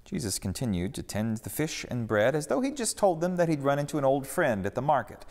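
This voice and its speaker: A man narrating a story in an expressive, storytelling way during a church service. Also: mid-range voice, brisk, hardly any pauses, in a large hall. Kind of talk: scripted narration.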